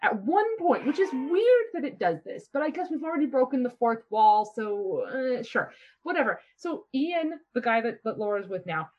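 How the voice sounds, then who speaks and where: A woman chatting casually about a movie, retelling scenes with lively storytelling. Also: fairly high pitch, normal speed. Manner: animated storytelling, acting out scenes. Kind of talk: casual chat about a film. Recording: dull lo-fi sound.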